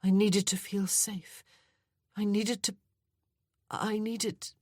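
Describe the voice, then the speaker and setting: A woman's voice: medium pitch, little pitch movement, slow pace, a little mellow, dry recording, studio quality, pitched above the performer's own voice. A woman voicing a grief-stricken young widow in tearful, wailing outbursts. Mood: pleading.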